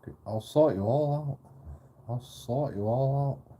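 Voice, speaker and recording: Husky man ranting and swearing. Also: mid-range voice, a little slow, mellow. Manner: profane, repetitive ranting. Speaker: channel host. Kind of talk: ranting monologue vlog.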